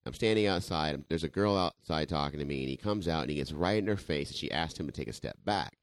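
A man's voice: a bass voice, fast, no room sound. A middle-aged man co-hosting a podcast, telling blunt stories with heavy swearing. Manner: profane, blunt storytelling. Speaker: podcast co-host. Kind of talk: casual chat.

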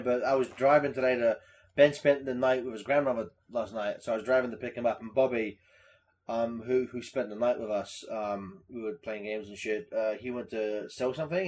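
A young man hosting a casual podcast chat, swearing freely and breaking into loud mocking impressions. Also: mid-range voice, slight background noise. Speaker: podcast host.

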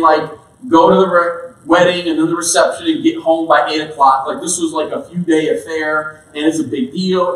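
Man, preacher, high voice, chatty, joking, casual sermon, roomy church hall. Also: fairly bright tone, recorded from a distance. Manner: chatty, joking, lots of "like" and "all right?".

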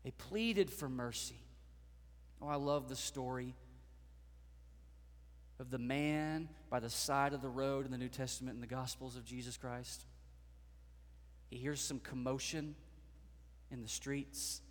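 Slow-preaching man in a reverberant hall. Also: mid-range voice. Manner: preaching with dramatic surges, acting out voices in stories. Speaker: pastor. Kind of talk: sermon.

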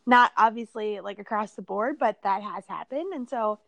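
A woman's voice: medium pitch, normal speed, vocal fry, fairly bright tone, no room sound. A young woman from southern Minnesota co-hosting a casual chat, asking curious questions with lots of fillers. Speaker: podcast co-host.

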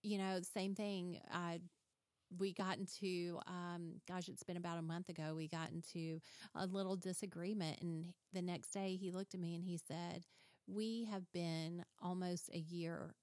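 A woman's voice: on the low side, moderate pace, no echo, studio quality. A woman hosting a podcast, chatting casually and animatedly, acting out little quoted scenes as she tells stories. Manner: chatty, animated storyteller who acts out quotes. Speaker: podcast host. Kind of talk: casual interview chat.

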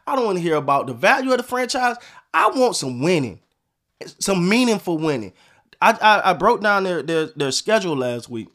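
Fed-up profane sports podcaster, high voice. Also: male voice, very animated, moderate pace, fairly bright tone. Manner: frustrated, profane, repetitive. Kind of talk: casual sports rant.

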